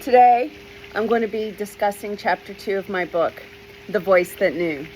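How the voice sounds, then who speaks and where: An author tells a personal story from her childhood, unhurried, starting many sentences with "well" and acting out the voices she quotes. Her mid-range voice has a darkish tone, and the rough recording has a little hiss or hum.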